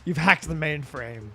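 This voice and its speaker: A man's voice: a little high, sharp tone. A tired, sleepy man streaming a game late at night, rambling in casual chat with lots of fillers and restarts that trail off.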